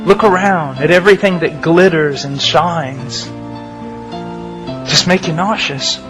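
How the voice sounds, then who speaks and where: A man's voice: a little high, unhurried, music in the background. A man preaching a sermon, earnest and emphatic, repeating his key phrases.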